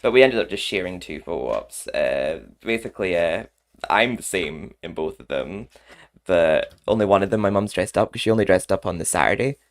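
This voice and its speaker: A man's voice: sits low, animated, fairly quick. A man chatting casually in a rambling vlog, often laughing between remarks. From Scotland. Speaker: vlogger. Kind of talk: casual chat.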